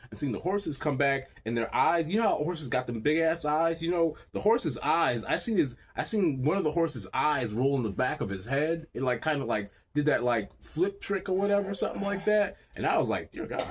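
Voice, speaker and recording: A man's voice: moderate pace, few pauses, husky. Crude, rambling comic man. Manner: crude, profane and rambling, with lively pitch swings. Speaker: comedian. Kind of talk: stand-up storytelling.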